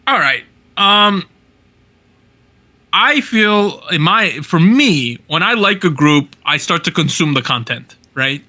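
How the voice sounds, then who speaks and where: Bright, upbeat man on a podcast. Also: fairly high pitch, expressive. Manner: upbeat, hype, quick reactions. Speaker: podcast co-host. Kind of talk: casual podcast chat.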